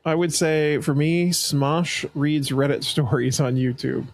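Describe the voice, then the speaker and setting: Man, gravelly, slightly higher voice, dry close recording, casual co-host. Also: fairly even intonation, measured pace, dry recording. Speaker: podcast co-host asking the questions. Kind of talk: casual chat.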